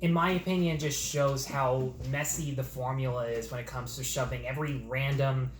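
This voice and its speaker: A man's voice: mid-range voice, steady tone, moderate pace. Opinionated man chatting casually about movies. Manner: opinionated, rambling, fillers like "like". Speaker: podcast co-host. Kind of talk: casual film chat. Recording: roomy echo, faint noise.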